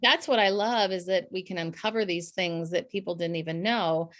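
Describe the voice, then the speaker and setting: A woman from the US Midwest, a communications coach talking as a podcast guest in an energetic, demonstrative way. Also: fairly low pitch, normal speed. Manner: energetic, demonstrative, laughs often. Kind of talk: conversational podcast interview.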